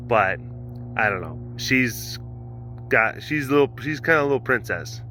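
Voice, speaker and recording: Playful male vlog host, bright tone, rambling chatter and baby talk, light outdoor ambience. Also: mid-range voice, animated, moderate pace, slight background noise. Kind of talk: casual vlog chat. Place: outdoor animal compound.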